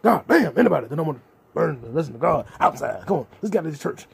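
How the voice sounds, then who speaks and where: A man's voice: on the high side, sing-song, fast, gravelly, breathy edge, full character voice. A man in his twenties putting on a rowdy fire-and-brimstone preacher who hurries his flock along. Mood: preachy.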